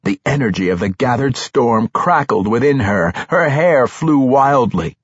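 Man, audiobook narrator, husky voice, lively rising and falling delivery, dry close sound. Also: medium pitch, a little slow, no echo. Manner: dramatic, expressive storytelling. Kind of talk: scripted fantasy narration. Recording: slightly muffled audio.

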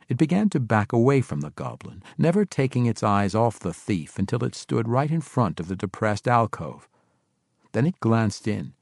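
A man narrating a fantasy novel in expressive storytelling style. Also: fairly low pitch, dry recording, studio quality. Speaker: audiobook narrator.

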